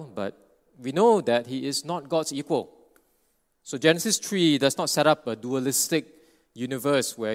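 A man's voice: medium pitch, long reverb tail. A man preaching an expository sermon, earnest and explanatory, often restarting phrases and checking in with "right?".

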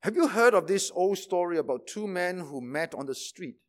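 High-voiced man preaching a sermon. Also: lively intonation, moderate pace. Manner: emphatic, with rhetorical questions and repetition.

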